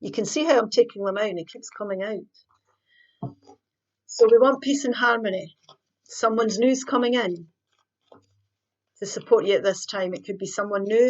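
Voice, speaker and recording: Woman, tarot reader, chatty, thinking aloud, mid-pitched voice, slightly muffled recording. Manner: chatty, thinks aloud while pulling cards. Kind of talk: casual tarot card reading.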